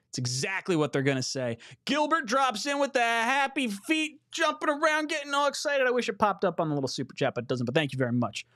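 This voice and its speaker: High-voiced excitable guy hosting a sports call-in stream, cusses a lot. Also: brisk. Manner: excitable, swears freely, reads viewer messages. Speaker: sports call-in show host. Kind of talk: casual livestream sports talk.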